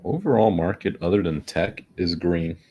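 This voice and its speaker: A man's voice: sits low, expressive, moderate pace, darkish tone, dull audio, slight background noise. A man giving casual, profane, grumbling commentary as he day trades on stream. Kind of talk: casual live commentary while trading.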